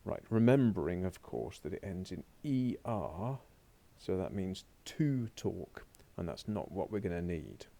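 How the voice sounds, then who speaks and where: A man with a low, gravelly voice gives a recorded French lesson from his laptop. His tone is dark and mellow, and he chats to himself as he clicks through the slides. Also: lively intonation, unhurried. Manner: chatty, talks to himself while working through slides. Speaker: French teacher. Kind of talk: recorded remote lesson with screen commentary. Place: home or classroom desk at a laptop.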